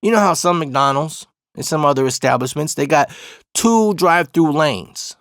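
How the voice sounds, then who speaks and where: A man's voice: a little high, expressive, moderate pace, a bit bright, no echo, studio quality. A man in his forties hosting a podcast, telling stories in a laid-back, rambling way full of profanity. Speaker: podcast host. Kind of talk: casual storytelling monologue.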